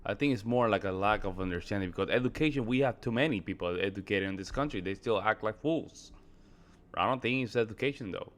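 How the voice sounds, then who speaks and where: A man co-hosting a reaction video, speaking in a relaxed, reflective way with casual slang. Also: fairly low pitch, fast talker.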